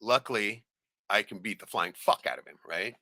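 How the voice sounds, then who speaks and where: Speaking at a normal pace with a fairly low pitch, a male podcast host recounts a story over a dry recording. His chat is loose and profane, peppered with "right?", and he shouts out the voices of the characters he quotes.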